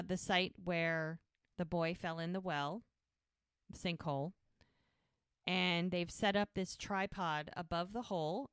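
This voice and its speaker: A woman's voice: lowish voice, a bit bright, smooth, no echo, studio quality. A woman co-hosting a podcast, casually retelling a TV episode scene by scene, quoting the characters as she goes. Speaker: podcast co-host.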